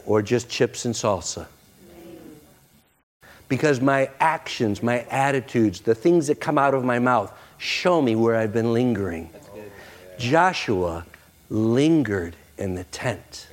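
A male pastor preaching a sermon to a congregation, jokey and animated, slipping into playful voices for quoted lines. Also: medium pitch. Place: church sanctuary with congregation.

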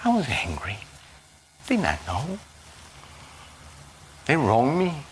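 A man preaching a sermon in a slow, halting way, repeating words and swinging suddenly between a low murmur and a high, loud cry. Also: wildly swooping pitch, a little hiss or hum. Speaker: pastor.

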